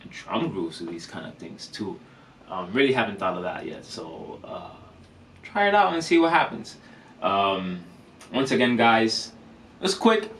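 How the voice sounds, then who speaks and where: A man's voice: mid-range voice, far from the mic, a little hiss or hum, rough recording. A man chats through a drum lesson for his vlog in an easy, meandering way, full of ums and restarts. His voice sits a little away from the microphone, with a faint room ambience underneath. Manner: relaxed, rambling, many fillers and restarts. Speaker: drum teacher vlogger. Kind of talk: casual instructional vlog.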